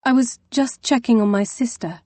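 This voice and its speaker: A woman's voice: fairly high pitch, moderate pace, warm tone, dry recording, pitched above the performer's own voice, lightly acted. A woman voicing a distraught young woman who is an older sister, tearful and defensive. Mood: upset.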